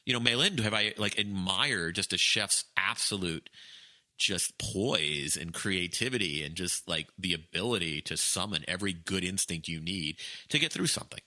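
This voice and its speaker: A man co-hosting a podcast, talking in an excitable, emphatic way and often restarting his phrases. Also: low voice, normal speed. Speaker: podcast co-host. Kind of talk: casual chat.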